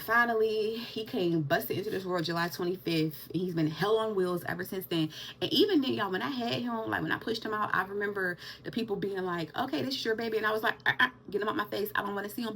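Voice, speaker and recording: A young woman telling a personal story to camera in an animated, chatty way, calling her viewers y'all. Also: mid-range voice, slight background noise. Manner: animated, addresses viewers as y'all, Southern US slang. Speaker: vlogger.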